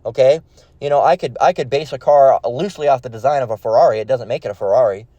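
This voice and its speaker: A man gives informal religious commentary in a halting way. He repeats words, restarts his sentences and leans on fillers. His voice sits in a middle range and is recorded close and dry, with no room sound. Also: medium pitch, dark tone, dry recording, dull audio. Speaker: online preacher.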